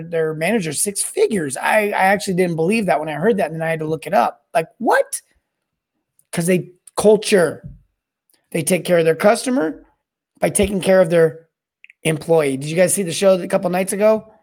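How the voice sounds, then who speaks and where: On his solo podcast covering plumbing service and sales, a high-pitched host talks with rambling energy. He frequently repeats words and starts them over.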